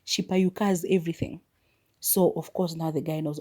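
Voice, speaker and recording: Low, mellow-voiced woman recapping a movie. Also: fairly even intonation. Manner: chatty retelling with quick asides and restarts. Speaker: podcast host.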